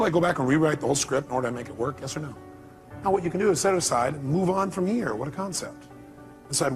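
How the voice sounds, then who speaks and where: A man gives an emphatic motivational seminar talk in a high, forceful voice. He throws rhetorical questions at the audience. His delivery stays punchy throughout. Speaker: motivational speaker.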